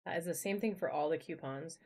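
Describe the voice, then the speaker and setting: A woman's voice: low voice, fairly quick, darkish tone. A woman hosting a live online auction, talking in a bubbly, chatty way and greeting viewers by name as she shows items. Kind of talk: live-stream sales chat. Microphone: phone camera.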